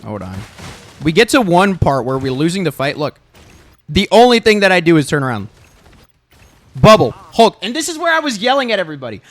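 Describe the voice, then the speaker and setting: A man's voice: high-pitched, huge pitch swings, a little fast, pauses often. A young man reviewing his own gameplay footage, insistent and emphatic, repeating himself and swearing freely. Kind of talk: gameplay video review commentary.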